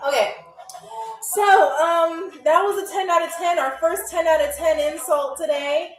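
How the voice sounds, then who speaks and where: A woman's voice: sits high, roomy sound. A woman hosting a live-stream game show in a playful, chatty way, often laughing as she talks, speaking into a phone. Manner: playful, chatty, laughing through her lines.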